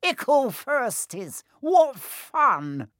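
A man voicing a small mischievous male poltergeist with a high, loud, jeering voice in a storybook reading. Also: sing-song, extremely slow, dry recording, studio quality, heavily acted.

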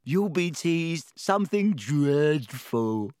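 A man voicing a gleeful ghost girl who gloats over others' bad luck, with slow, drawn-out words. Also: fairly high pitch, animated, a little mellow, clean tone, no room sound, studio quality, pitched above the performer's own voice. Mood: gloating.

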